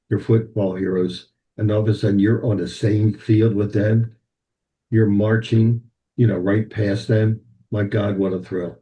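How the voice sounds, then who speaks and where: An older man tells stories as a podcast guest, animated and anecdotal. His voice sits a little low. The recording sounds dull and lo-fi. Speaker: band president, guest. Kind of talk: podcast interview, storytelling.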